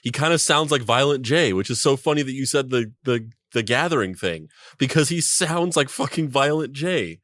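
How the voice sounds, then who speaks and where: A man co-hosting a podcast, rambling and excitable as he piles up restarts and laughs. His voice sits in the middle range and is recorded close and dry, with no room around it. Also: mid-range voice, moderate pace, few pauses, dry recording. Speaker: podcast co-host. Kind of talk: casual chat.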